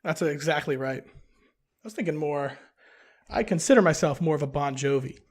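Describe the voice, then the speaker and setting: A man's voice: on the high side, moderate pace. A man co-hosting a casual comedy podcast, teasing the others with playful questions. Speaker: podcast co-host.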